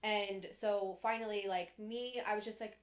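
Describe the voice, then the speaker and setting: A woman's voice: medium pitch, fairly even intonation, normal speed. A young woman on a podcast, casually recounting her childhood in a candid, rambling way, full of "like" and restarts, sometimes voicing others in a sharper tone. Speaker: podcast co-host. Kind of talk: casual personal storytelling.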